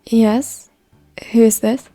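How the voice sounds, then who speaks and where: A woman voicing a tired young man who gives short, flat replies. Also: fairly high pitch, slow, dry recording, faint music behind.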